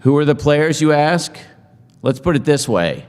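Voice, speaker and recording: A middle-aged man giving a humorous after-dinner speech, joking in a deadpan, self-mocking way to an audience in a large hall. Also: a little high, measured pace, clean tone. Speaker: speaker at a forum. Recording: hall reverb.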